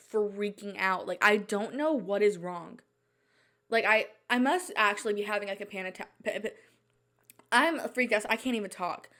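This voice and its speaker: A woman's voice: medium pitch, a bit bright. A young woman hosting her own podcast, chatting alone in a rambling, flustered way full of fillers and restarts while she sounds anxious and shaken. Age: young adult. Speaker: podcast host. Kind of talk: casual solo chat. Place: at home at night.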